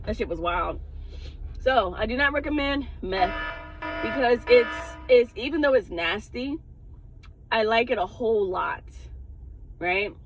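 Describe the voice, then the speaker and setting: A woman's voice: a little high, expressive, unhurried, pauses often, a little hiss or hum, rough recording. A woman who works as a spiritual advisor, telling a personal story in a casual vlog, candid and heavy on the cursing. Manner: profane, candid, laughs often.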